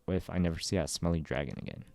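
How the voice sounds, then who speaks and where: A man reading as a proud, stubborn young woman officer. He makes no change to his own deep, gravelly voice, which stays dark and dry. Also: racing, no room sound. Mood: upset.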